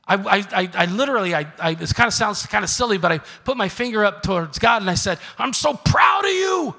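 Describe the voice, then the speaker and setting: Middle-aged male pastor, emphatic sermon delivery that swings from quiet to shouted, bright voice, long church reverb. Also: high voice, fast. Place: church sanctuary. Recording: reverberant sanctuary.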